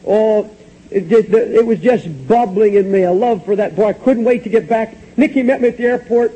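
A man preaching with a high, mellow voice, fervently retelling a story and acting out its dialogue. He swings from hushed, low passages to high, urgent ones. The recording sounds dull and lo-fi. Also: normal speed, breathy edge. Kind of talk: sermon storytelling.

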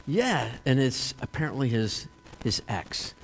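A man preaching a sermon, retelling a film as a story in an animated way, with many fillers and restarts. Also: medium pitch, normal speed, big-room sound. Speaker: pastor.

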